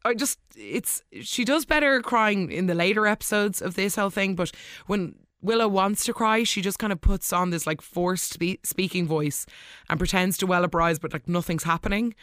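A host giving a casual, gushing recap of the week's soap episodes, with quick asides and excited reactions. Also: medium pitch, no echo, studio quality.

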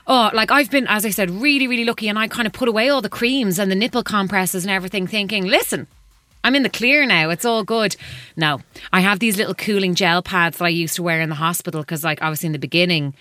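A woman, co-hosting a podcast and chatting candidly with quick asides. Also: medium pitch, steady tone, pushed and bright, no room sound. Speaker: podcast co-host. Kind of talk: casual chat.

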